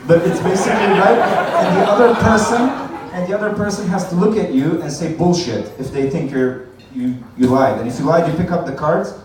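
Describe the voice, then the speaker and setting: A man's voice: high voice, a little fast, few pauses, crowd noise. A man doing a stand-up comedy set at an open mic night, rambling, swearing and laughing at his own jokes. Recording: echoey room from far off, faint noise.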